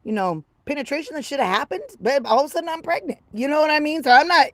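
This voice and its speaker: A woman in her fifties chatting casually on a livestream, brash and profane, rambling from low mutters to loud excited bursts. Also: quick pace, no echo. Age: 50s. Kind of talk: casual livestream chat with viewers.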